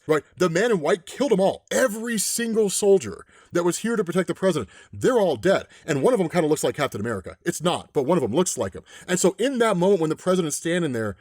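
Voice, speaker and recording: A man hosting a comic book recap, retelling a story in an excitable, energetic way. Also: high voice, dry recording, studio quality.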